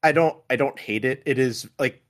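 A man hosting a casual movie chat, halting and repeating words as he starts sentences. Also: medium pitch.

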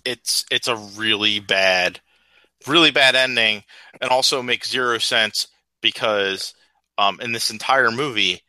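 A man talking over a movie on a podcast, blunt and quick to laugh. His voice is sharp and very bright. It is recorded dry and close. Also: on the low side, dry recording, poor audio. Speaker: podcast co-host. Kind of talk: casual movie review chat.

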